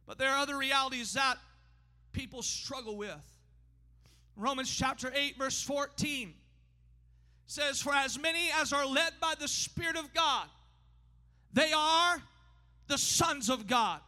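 A high-pitched man preaching in a church sanctuary, his voice ringing through a long hall reverb. His tone is bright and piercing, and he preaches emphatically, rising to shouts and slowing down for weight. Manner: emphatic, often shouting, pace swinging fast and slow. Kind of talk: sermon.

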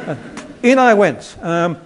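A man's voice: sits high, sing-song, slow, slight background noise. A man with a Yorkshire accent giving a casual lecture over slides, rambling and chatty with self-deprecating humor.

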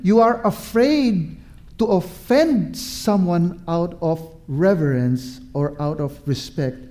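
A man's voice: high-pitched, mellow. A man preaching a sermon, emphatic and repetitive, drawing out his words and asking the listeners questions.

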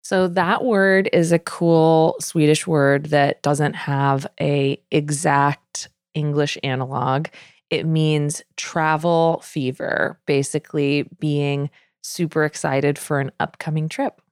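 A woman's voice: deep voice, steady tone, takes it slowly, clear, resonant tone, dry recording, studio quality. A playful woman chatting casually as a podcast co-host. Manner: playful, laughs easily. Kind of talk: casual chat.

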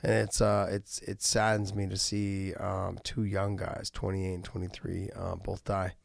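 A middle-aged man with a low, gravelly voice talks in a casual podcast, earnest and halting, restarting his sentences often. The sound is close and dry, with no room echo. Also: monotone. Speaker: podcast host and former fighter.

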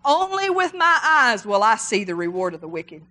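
A middle-aged woman preaching a sermon, animated and emphatic, repeating her exhortations. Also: fairly high pitch, normal speed.

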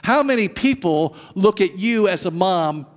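A man preaching a sermon as pastor, animated, swinging between loud emphasis and hushed, drawn-out lines. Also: high-pitched. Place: church sanctuary. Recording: long reverb of a church hall.

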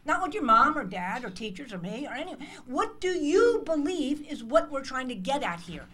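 A woman's voice: high voice, sing-song, normal speed, fairly bright tone. A woman in her sixties from the United States, giving an emphatic motivational speech to a room of interns. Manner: passionate, emphatic, acts out dialogues. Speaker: speaker addressing interns. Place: conference hall.

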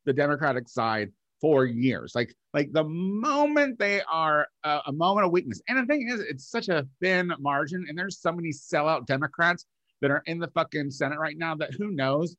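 A man's voice: a little high, normal speed, fairly bright tone, dry recording, lo-fi sound. Rambling male podcast co-host, dry sound. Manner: rambling, profane, many filler likes. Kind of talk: casual chat.

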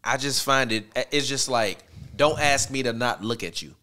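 A man's voice: medium pitch, moderate pace, bright, forceful tone. A man co-hosting a casual sports and culture chat, arguing bluntly with slang and the odd swear word. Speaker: podcast co-host.

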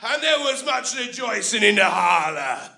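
A man performing a boisterous story beast who retells an epic live in broken English, swearing and shouting sound effects. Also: high-pitched, sing-song, a little slow, creaky, noisy background, exaggerated voice. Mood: gleeful. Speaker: comedy performer.

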